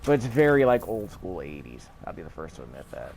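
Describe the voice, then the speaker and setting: Deep-voiced and brisk, with big swings in pitch and some vocal fry, a man rambles through casual let's-play commentary, correcting himself as he chats. Heavy background noise sits under his voice.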